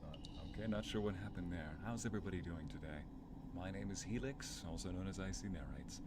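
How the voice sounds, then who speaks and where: Deep-voiced man chatting on a live stream. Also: brisk, very noisy. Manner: chatty, greets viewers by name, laughs easily. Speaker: streamer and narrator. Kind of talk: casual live-stream chat. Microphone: desk microphone at home streaming setup.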